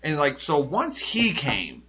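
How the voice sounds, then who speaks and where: A man's voice: a little high, huge pitch swings, slow, bright, forceful tone, husky. A man chatting casually on a podcast, telling a long story full of "like" and acting out his own quotes, on a dull lo-fi recording.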